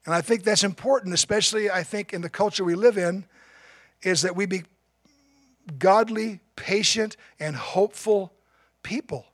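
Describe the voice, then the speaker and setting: A man's voice: high-pitched, normal speed, no room sound, studio quality. A man preaching a sermon as pastor, telling a story in an earnest, emphatic way.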